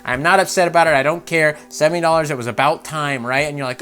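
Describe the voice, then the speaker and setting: A man hosting a gaming channel, ranting about game news with swearing and laughter, jumping from loud outbursts to low mutters. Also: fast, few pauses, faint music behind. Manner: animated, profane, laughing, swings between loud outbursts and mutters.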